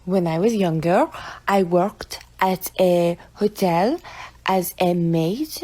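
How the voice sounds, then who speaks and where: A woman telling an incredulous, animated story. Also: mid-range voice. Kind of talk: storytelling clip.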